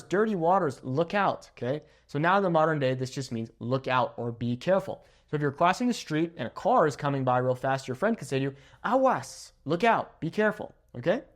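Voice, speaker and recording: A man teaching Spanish phrases in a casual lesson, slowing down for examples and checking in with "okay?" after each one. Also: fairly high pitch. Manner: slow, careful when saying example phrases.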